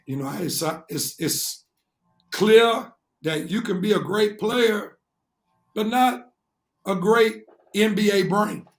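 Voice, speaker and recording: Man, high voice, sports talk co-host, earnest, lays out points at length. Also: slow pace.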